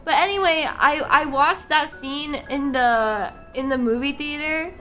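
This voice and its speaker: A woman's voice: sits high, unhurried, fairly bright tone, soft background music. A young woman streaming as a VTuber, chatting casually with viewers in a rambling, giggly way full of restarts and fillers. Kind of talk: casual live-stream chat.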